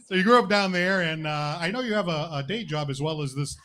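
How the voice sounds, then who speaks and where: Upbeat male host of a live comedy show, with a bright, fairly high voice. He chats and jokes with his guest on a club stage. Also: brisk. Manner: upbeat, jokey banter with guests.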